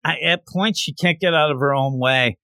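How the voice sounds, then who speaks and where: A man casually recapping a manga story, animated and acting out the characters' lines as he goes. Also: fairly high pitch, normal speed, dry recording.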